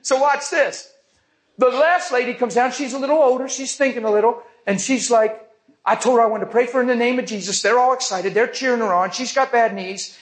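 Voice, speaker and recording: A man's voice: extremely high pitch, steady tone, a little fast. A man preaching a testimony, telling a vivid story and acting out the people in it.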